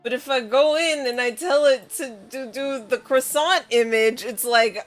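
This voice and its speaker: A woman's voice: sits high, measured pace, hardly any pauses, faint music behind. A woman live-streaming in casual chatter, rambling in bafflement and often breaking into laughter.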